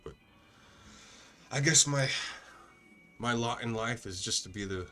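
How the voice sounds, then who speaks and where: A man's voice: medium pitch, unhurried, bright, forceful tone, soft background music. Laid-back swearing man streaming a game. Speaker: gaming streamer. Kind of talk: casual let's-play commentary.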